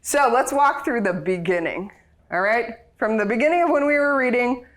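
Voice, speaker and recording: A woman's voice: fairly high pitch, expressive, normal speed. Chatty woman leading a Bible study. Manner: chatty and playful, laughs often.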